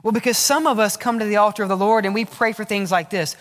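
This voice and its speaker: A man's voice: sits high, fairly even intonation, quick pace, a bit bright. A male pastor preaching a sermon. He asks the congregation questions, answers them himself, and acts out short prayers and replies. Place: church sanctuary. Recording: echoey church sanctuary with long reverb.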